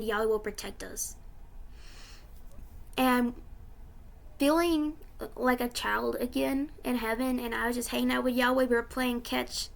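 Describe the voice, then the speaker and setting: Young woman vlogger, high gravelly voice, tearful, rambling casual storytelling. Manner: rambling with many fillers, emotional. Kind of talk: casual retelling of a dream.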